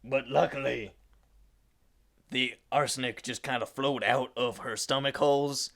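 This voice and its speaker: A man's voice: mid-range voice, fairly even intonation, unhurried, creaky, a bit bright. A man on a comedy podcast who tells absurd improvised stories in a matter-of-fact way. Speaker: podcast panelist. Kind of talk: casual comedic improv storytelling.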